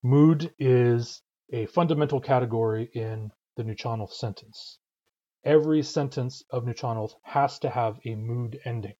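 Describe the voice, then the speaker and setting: A man's voice: mid-range voice, moderate pace, warm tone, muffled recording. A man teaching a language lesson, patiently and methodically demonstrating syllable rhythms aloud.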